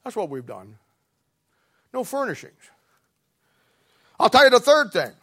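A man preaching a sermon with a blunt, scolding, plain-spoken manner, swinging from quiet murmurs to loud emphatic peaks. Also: very high voice, big pitch swings, a little slow.

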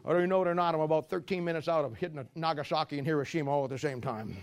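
High-voiced joking preacher man. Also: steady tone, very fast. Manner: rambling, joking storyteller; preaches while walking about. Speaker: pastor. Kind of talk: sermon.

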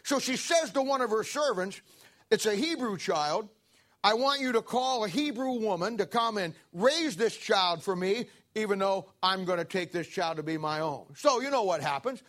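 A man preaching, retelling a Bible story in a folksy, animated way with fillers and asides. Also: sits high, moderate pace. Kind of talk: sermon storytelling.

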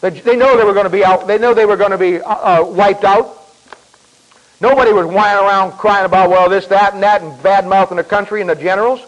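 A man preaching a sermon in a folksy, emphatic way, repeating himself and clearing his throat often. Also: high voice, steady tone, a little fast, rough recording.

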